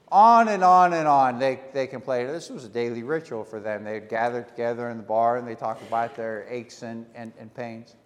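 A man's voice: mid-range voice, normal speed, hardly any pauses. Preaching man in an echoey hall. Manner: storytelling, repeats words when starting phrases. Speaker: pastor. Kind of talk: sermon.

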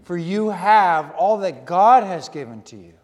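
A man preaching a sermon in earnest, short repeated phrases with pauses. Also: high-pitched, animated, long reverb tail. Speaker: pastor.

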